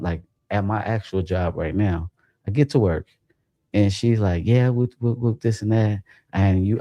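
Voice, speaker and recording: Gravelly-voiced man telling a wild story. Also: no room sound. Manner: animated, profane, jumps to high pitch when quoting himself. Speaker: livestream host. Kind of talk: casual storytelling about a dream.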